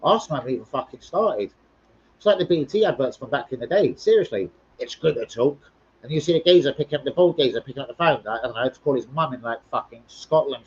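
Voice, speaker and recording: A man's voice: a little high, expressive, brisk, husky, lo-fi sound. A man hosting a casual football live stream, rambling, swearing freely and bantering with viewers as he reads comments.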